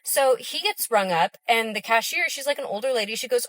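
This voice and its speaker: A woman's voice: on the high side, a little fast, fairly bright tone, no room sound. A woman ranting casually to camera, chatty and filled with "like" fillers. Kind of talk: casual video rant to camera.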